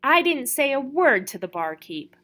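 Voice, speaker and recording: A woman's voice: medium pitch, animated, normal speed, fairly bright tone. A woman voicing an indignant young thief. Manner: yelps and protests in outrage. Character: cheeky young male thief, sulky and indignant.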